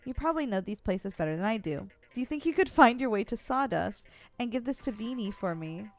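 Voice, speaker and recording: A woman's voice: a little high, expressive, fairly quick. A woman reading the lines of a friendly male bus driver in a video game, chummy and folksy.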